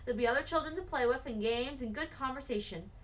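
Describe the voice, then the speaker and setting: A woman's voice: high voice, quick pace, natural voice. A woman voicing a farm mother who cheerfully reassures the children. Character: warm farm mother, welcoming.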